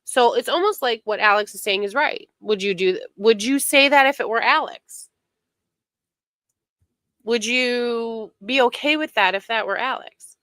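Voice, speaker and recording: A woman's voice: on the high side, unhurried, fairly bright tone, no echo. A woman streamer giving casual, indignant commentary on online drama, sarcastic and given to mocking imitations.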